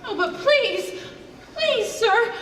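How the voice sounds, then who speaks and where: A woman's voice: very high voice, lively intonation, drawn-out words, a bit bright, exaggerated voice. A woman playing an earnest, polite young farm girl in a live stage musical, eager and pleading. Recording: distant, echoey hall with crowd and music.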